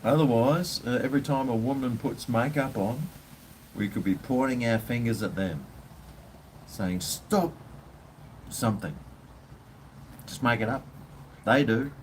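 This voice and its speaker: A man's voice: medium pitch, a little slow, long pauses, slight background noise. A man with an Australian accent, ranting bluntly and swearing as he chats casually with viewers on his livestream. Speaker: live stream host.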